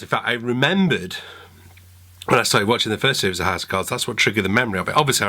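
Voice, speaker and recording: A man who's a vlogger and saxophonist tells stories for his vlog in a chatty, joking way. His voice is lowish, pushed, and bright, and outdoor street and traffic noise runs through the recording.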